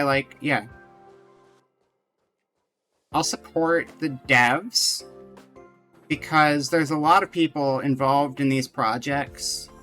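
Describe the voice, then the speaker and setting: A man streams a game live, chatting with his viewers and reading the on-screen text aloud. His voice is bright and forward, at an ordinary pitch for a man. Faint music plays underneath. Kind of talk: casual live game commentary.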